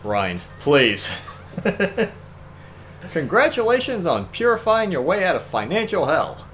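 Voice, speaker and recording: A man's voice: sits high, sing-song, slow, fairly bright tone, slight background noise. A young man co-hosting a let's play, chatting casually and wryly, often exasperated and laughing. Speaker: co-host. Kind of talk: casual gameplay chat.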